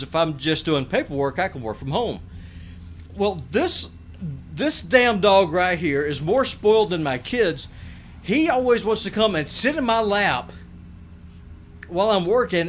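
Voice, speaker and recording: A man's voice: sits high, lively intonation, a little slow, fairly bright tone. Middle-aged man, blunt, rambling, live-stream chat, faint hiss. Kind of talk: casual live-stream chat while gaming.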